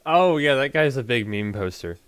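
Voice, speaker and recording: A man acting as game master, narrating a tabletop game in casual chat, laughing often and pausing on fillers. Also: mid-range voice, animated, fairly bright tone, smooth, no room sound.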